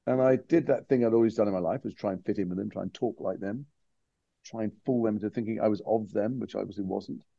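A man's voice: lowish voice, fast, gravelly, dark tone, no echo, lo-fi sound. A man from Liverpool, a guest actor telling his story candidly and animatedly in a casual interview chat. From Liverpool, England.

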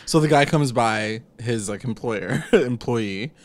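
A man's voice: medium pitch, a little slow. A young man in casual chat, recapping a TV episode, laughing often and acting out quoted lines. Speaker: podcast co-host recapping a TV episode.

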